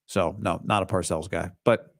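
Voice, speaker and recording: A man's voice: deep voice, steady tone, moderate pace, no echo, clean studio sound. A man hosting a sports talk show, reading listener comments and answering them with blunt opinions and sarcastic asides.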